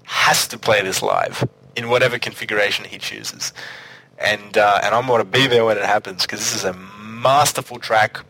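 A man's voice: fairly low pitch, normal speed, gravelly, sharp tone, rough recording. A man hosting a casual music review chat, enthusiastic and full of restarts. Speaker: podcast host.

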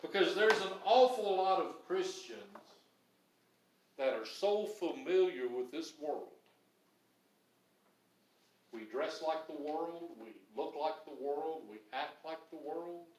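A man's voice: on the high side, expressive, takes it slowly, long pauses, darkish tone, recorded from a distance. A male pastor preaching a sermon, building emphasis through repeated phrases, recorded in a church. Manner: preaching with rising emphatic repetition. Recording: echoey room, voice from off-mic.

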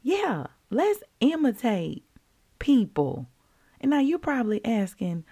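A woman hosting a daily devotional podcast, teaching in a lively, chatty way and calling listeners y'all. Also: a little high, slow pace, slightly rough. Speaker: podcast host.

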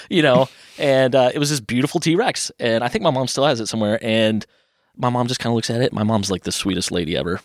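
Fast-talking man telling stories. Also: medium pitch, no echo, clean studio sound. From Louisville, Kentucky. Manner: chatty, rambling, animated voices for quoted people. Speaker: podcast guest, artist. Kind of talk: casual interview storytelling.

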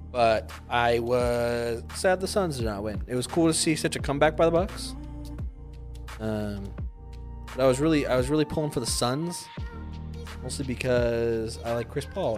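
A man co-hosting a casual podcast, animated, swearing freely and laughing easily. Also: medium pitch, normal speed, music in the background. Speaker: podcast co-host. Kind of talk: casual chat.

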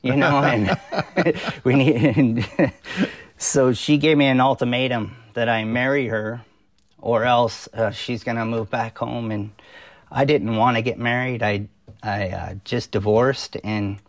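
A man's voice: medium pitch, fairly even intonation, dry recording. Earnest pastor telling his testimony. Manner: earnest storytelling, halting with frequent fillers and restarts. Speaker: pastor, podcast guest. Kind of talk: personal testimony in a podcast interview.

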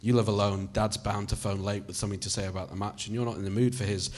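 A man reads a story aloud, addressing the listener as "you." His voice is somewhat low and husky. He keeps a conversational tone with the odd swear. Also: flat delivery, fast talker, darkish tone. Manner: second-person narration, conversational, swearing. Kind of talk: audiobook reading.

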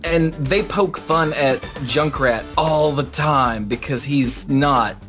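A man's voice: on the high side, slow, fairly bright tone, soft background music. A man from the United States on a casual podcast panel, making wry, pointed remarks. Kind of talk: casual discussion.

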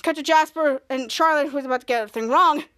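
A woman podcast host walks through a sitcom episode scene by scene, halting and restarting as she goes. Her voice is very high and bright. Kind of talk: casual episode recap.

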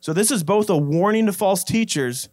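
A man preaching a sermon in a casual, conversational way, often repeating words and slowing down to stress scripture quotes. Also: high voice, expressive, a little mellow, no room sound, clean studio sound. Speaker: pastor.

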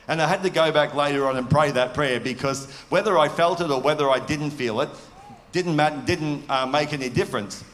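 A pastor delivers a sermon in an earnest, conversational style, putting questions to his listeners. His medium-pitched voice is fairly bright, and the recording carries a long hall reverb along with slight hiss or hum.

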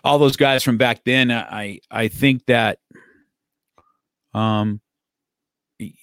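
A man's voice: medium pitch, steady tone, slow, fairly bright tone, smooth, no echo. Rambling middle-aged man, dry close sound. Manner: rambling, restarts often, laughs easily. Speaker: martial arts school owner and host. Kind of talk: casual conversation. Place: his office.

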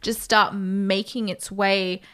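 A woman co-hosting a casual film podcast, enthusiastic and quick to swear. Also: mid-range voice, little pitch movement, fairly bright tone, clean tone. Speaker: podcast co-host. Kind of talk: casual film review chat.

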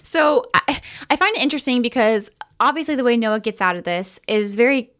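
A woman with a fairly high voice co-hosts a podcast in casual chat. She tells stories in an animated way, acts out both sides of a conversation, and swears freely. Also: a little fast. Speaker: podcast co-host.

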